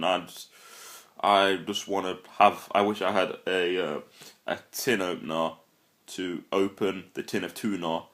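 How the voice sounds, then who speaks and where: A young man giving a casual, rambling film review, animated and full of swearing. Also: on the low side. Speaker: vlogger reviewing films.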